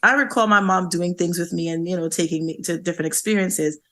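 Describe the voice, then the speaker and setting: A woman's voice: fairly low pitch, quick pace, fairly bright tone. A woman co-hosting a podcast, talking in a reflective, thinking-aloud way in casual chat. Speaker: podcast co-host.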